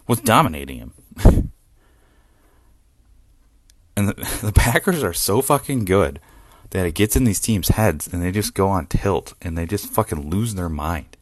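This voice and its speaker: A man hosting a solo sports podcast, talking excitedly and profanely and laughing often as he rants. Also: low voice, no echo, studio quality. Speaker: podcast host.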